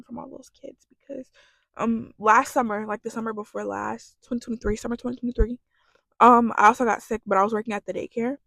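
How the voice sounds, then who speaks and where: A woman's voice: fairly high pitch, gravelly, no room sound. A young woman telling a storytime vlog in a chatty, profane way, full of fillers. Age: young adult. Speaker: vlogger.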